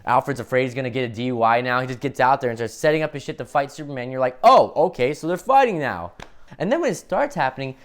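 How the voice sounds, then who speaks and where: Male film reviewer, casual and profane, exasperated, lively pitch, middle-of-the-road voice. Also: smooth. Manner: profane, acts out characters in quick impressions; exasperated ranting.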